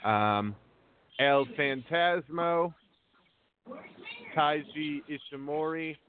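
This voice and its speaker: Slow-talking man on a tinny phone line. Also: fairly high pitch, clean tone, no room sound. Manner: unhurried, reads out lists of names with frequent ums. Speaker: wrestling news podcast host. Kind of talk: casual talk show chat.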